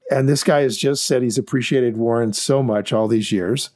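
A man in an easygoing chat about investing, his voice sitting at an ordinary, mid-range pitch. He talks in an animated, rambling way, full of restarts and fillers. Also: moderate pace. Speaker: podcast co-host.

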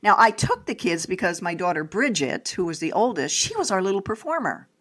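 An older woman, a guest in an interview, telling a family story in a lively way and acting out what people said. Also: mid-range voice, fairly quick. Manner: animated storyteller, acts out quotes.

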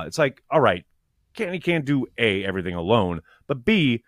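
Animated man talking sports, dry mic. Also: mid-range voice, no room sound. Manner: animated, swearing, quick restarts. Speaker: podcast co-host. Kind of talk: casual sports chat.

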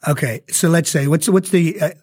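Actor guy with a slight speech impediment, lively, fairly high voice, chatting about doing voices. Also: husky. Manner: animated, acts out voices, quick asides. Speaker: actor and impressionist, guest. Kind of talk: casual chat.

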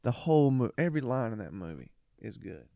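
A man co-hosting a podcast in casual chat, animated as he quotes movie lines and laughs along. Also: mid-range voice, fairly quick, vocal fry, dry recording. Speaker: podcast co-host.

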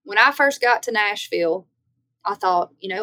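Country singer guest, Louisiana woman, mid pitch, lively folksy storyteller, dry sound. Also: moderate pace, no room sound. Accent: Southern US, Louisiana. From Northeast Louisiana. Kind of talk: podcast interview.

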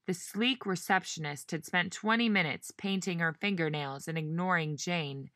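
A woman narrating a novel in measured storytelling style, giving each character a voice. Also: on the low side, a bit bright, dry recording, studio quality. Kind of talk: audiobook narration.

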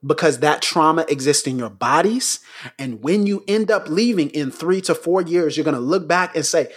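A man co-hosting a talk show who gives impassioned commentary. He hammers his points through repetition and surges upward into near-shouts. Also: fairly high pitch, moderate pace. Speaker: podcast co-host.

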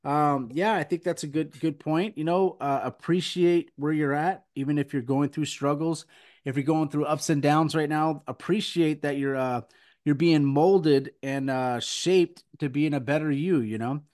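Guy hosting a christian podcast, kinda high voice, rambles with lots of uhs. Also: moderate pace, darkish tone. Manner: earnest, rambling, many fillers. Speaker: podcast host. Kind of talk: casual podcast chat and preaching.

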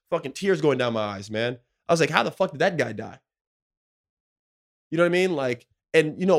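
A man in his thirties, a podcast co-host, telling an emotional story in slangy, profane casual talk full of "like" and "bro". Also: medium pitch. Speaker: podcast co-host, former pro basketball player.

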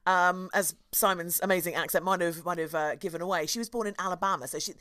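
A woman's voice: fairly low pitch, fairly even intonation, fast talker, fairly bright tone, no echo. A woman hosting a casual chat, telling stories with frequent laughs and fillers. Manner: chatty, laughs often, many fillers. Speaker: podcast host.

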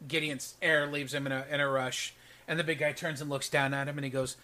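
A man's voice: on the high side, little pitch movement, brisk, sharp tone, slight background noise. A man narrating as game master of a tabletop game, describing the action with frequent ums.

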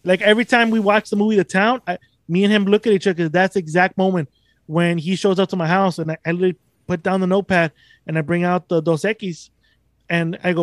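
A man's voice: high-pitched, steady tone, fast talker, dry recording, studio quality. A young man hosting a podcast, talking casually in a profane, rambling, emphatic way. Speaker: podcast host.

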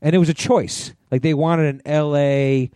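Laid-back man with a mellow voice. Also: a little high, fairly even intonation, moderate pace, clean tone, no room sound, clean studio sound. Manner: loose, rambling, laughs easily. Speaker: podcast co-host. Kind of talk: casual chat.

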